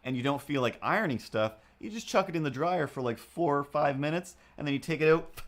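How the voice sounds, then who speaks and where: A man hosting a livestream, telling a story in a casual, rambling way, full of restarts and fillers, with a hard-to-place accent. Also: fast. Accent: self-made, hard to place. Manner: animated, jumps into squeaky voices for the people he quotes. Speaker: livestream host. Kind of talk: casual storytelling while drawing.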